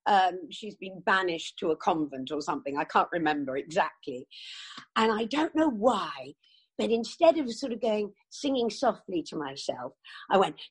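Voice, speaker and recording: An older woman, telling animated stories of her acting work in an interview. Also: lowish voice, moderate pace, breathy edge. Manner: lively, animated storytelling with acted quotes. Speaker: actress. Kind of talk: interview chat.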